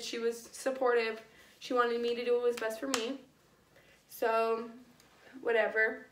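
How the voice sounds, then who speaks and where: A woman's voice: fairly high pitch, fairly bright tone, echoey room, distant mic. A young woman telling a personal story in a casual vlog, slangy and repeating herself. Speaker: vlogger.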